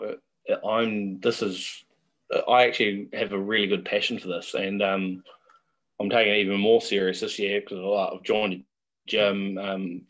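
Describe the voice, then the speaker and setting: A man's voice: on the low side, fairly bright tone. A middle-aged man, a guest telling chatty, laughing anecdotes in a casual interview.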